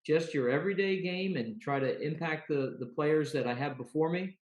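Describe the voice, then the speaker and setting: A man's voice: fairly high pitch, normal speed, a little mellow. A man guest, an umpire, talking earnestly in a casual interview and often repeating words as he thinks. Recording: roomy echo.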